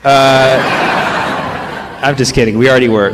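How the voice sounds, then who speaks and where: A man in his thirties, a stand-up comedian doing loose crowd work, riffing and firing quick questions at the audience from the stage. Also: medium pitch, steady tone, background noise. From United States.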